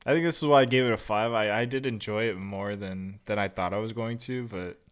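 Smooth-voiced young man reviewing a movie. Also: fairly low pitch, brisk. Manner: rambling, acts out quotes in funny voices. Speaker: podcast co-host. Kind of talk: casual movie review chat.

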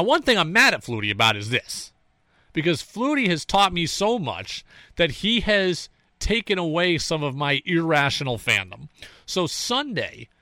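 A man's voice: a little high, dry recording, clean studio sound. A man hosting a sports talk show, recapping plays and ranting like a fan. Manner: animated, fan-style ranting with play-by-play recaps. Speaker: sports radio host.

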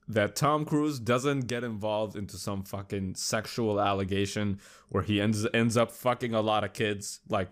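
Rambling, foul-mouthed young podcast guy. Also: mid-range voice. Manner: loose, rambling, heavy swearing. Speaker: podcast host. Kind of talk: casual solo commentary.

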